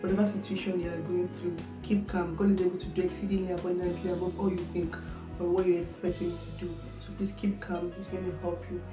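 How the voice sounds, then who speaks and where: A woman's voice: fairly low pitch, little pitch movement, fast, music in the background. A young Nigerian woman vlogging her personal story, earnest, checking with viewers that they understand. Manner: earnest, keeps asking "you understand?". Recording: echoey room.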